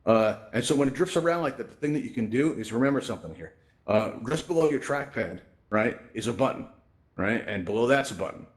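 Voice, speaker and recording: A man hosts a live how-to session in a virtual space, talking briskly at a middling pitch. He keeps things conversational and loose, leaning on "right?" and "you know" between points. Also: expressive. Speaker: event host and presenter. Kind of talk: casual live presentation in virtual reality. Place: virtual reality social space.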